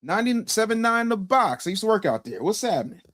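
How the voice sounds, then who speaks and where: A man's voice: high-pitched, very animated, fairly bright tone. Blunt male call-in show host. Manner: blunt, commanding, quick to shut down callers.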